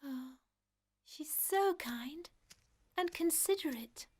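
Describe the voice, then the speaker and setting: A woman voicing a gentle, sweet young fairy in a cartoon, soft-spoken and giggly. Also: high-pitched, animated, slow pace. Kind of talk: cartoon dub.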